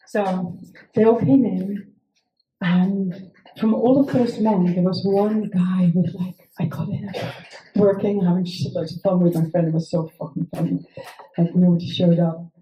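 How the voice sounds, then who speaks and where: A woman's voice: on the low side, fairly even intonation, measured pace, highs cut off. A woman telling a wild personal story in a casual, rambling way, swearing freely and dropping fillers; English is not her first language. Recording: echoey room, faint noise.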